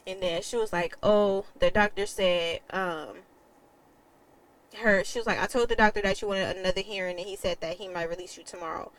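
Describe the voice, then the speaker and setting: A woman's voice: mid-range voice, steady tone, moderate pace, low-quality recording. A young adult woman telling a personal story in a candid, emotional way, with casual swearing. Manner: quotes others in a changed voice. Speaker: vlogger.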